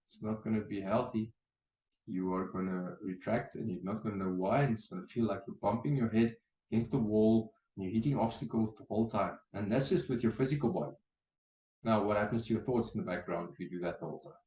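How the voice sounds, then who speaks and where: A male hypnotherapist, giving an animated coaching talk to an online group and peppering it with "okay". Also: mid-range voice, reverberant, highs cut off.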